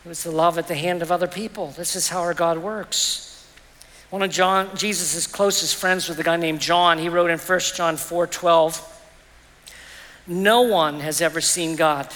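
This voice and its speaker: Middle-aged guy preaching in a church, high bright voice, lots of hall reverb. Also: fairly even intonation, moderate pace. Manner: storytelling, earnest and personal. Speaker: pastor. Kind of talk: sermon.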